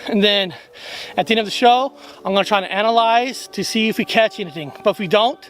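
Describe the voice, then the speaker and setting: High-voiced, winded ghost-hunting host. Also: male voice, fast talker, a bit bright, faint music behind, rough recording. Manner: blunt, chatty, swears casually. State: out of breath from a hill climb. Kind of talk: casual on-site vlog talk. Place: outdoors in hillside woods and old cemetery.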